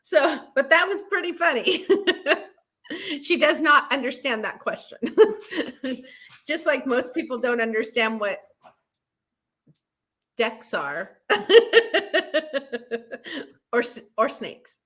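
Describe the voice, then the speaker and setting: A woman's voice: high voice, expressive, takes it slowly, long pauses, bright, forceful tone. A woman with a New Zealand accent, a guest on a chat show, playful and laughing often. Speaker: guest health coach. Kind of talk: casual chat.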